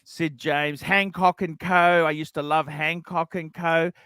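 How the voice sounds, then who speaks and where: A man's voice: a little high, fairly even intonation, measured pace, bright, forceful tone, slight background noise. A man hosting a casual livestream, reading out donations and rambling with many restarts. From Australia. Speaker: livestream host.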